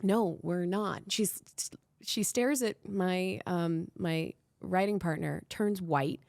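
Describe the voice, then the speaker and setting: A woman from Miami hosting a podcast, her voice sitting a little low for a woman. She tells a candid story in a rambling, animated way, piling up "like" and false starts, and she swears bluntly and freely. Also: takes it slowly, gravelly. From Miami, Florida. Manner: blunt and profane. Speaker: podcast host.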